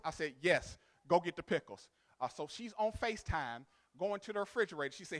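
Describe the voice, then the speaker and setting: A male pastor a sermon. He swings from loud, sung, rhythmic to quiet, chatty storytelling. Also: a little high, lively intonation, brisk. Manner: builds to loud, sung preaching cadence, then drops to quiet storytelling.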